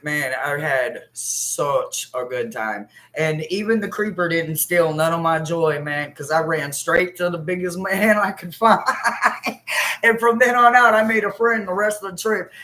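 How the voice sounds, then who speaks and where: A woman's voice: fairly low pitch, moderate pace, bright, forceful tone, poor audio. A woman hosting a live stream, telling stories in casual, profane chat and laughing often.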